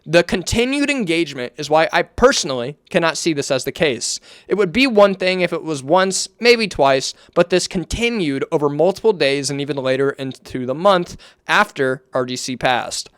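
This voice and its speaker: A man giving casual commentary, reading aloud from his notes in a measured way, with offhand asides and some swearing. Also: fairly high pitch, lively intonation, fairly bright tone, clean tone, no room sound, clean studio sound. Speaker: online commentator.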